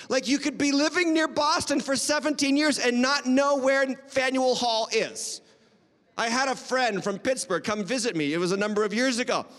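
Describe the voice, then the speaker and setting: A man's voice: very high-pitched, a bit bright, big-room sound. A man from New England, a pastor, preaching a sermon in a church with an emphatic, conversational style and humorous asides to the congregation. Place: church sanctuary.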